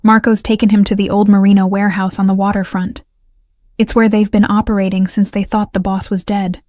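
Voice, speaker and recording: A woman reading the lines of a rough, hulking male mafia enforcer, terse and gruff. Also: medium pitch, level tone, brisk, darkish tone, no room sound, clean studio sound, close to an everyday voice.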